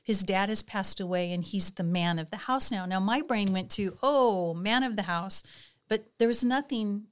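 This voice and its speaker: A woman, a guest in a conversation, telling a story in a lively way and acting out the voices of the people in it. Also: medium pitch, normal speed. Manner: animated, acts out quoted voices. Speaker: guest, inner healing minister.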